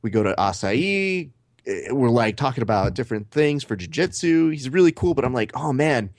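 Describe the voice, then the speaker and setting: A man co-hosting a podcast, telling animated stories and swearing casually. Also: mid-range voice, fairly quick, no room sound, studio quality. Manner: animated storyteller, acts out quotes, swears. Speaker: podcast co-host.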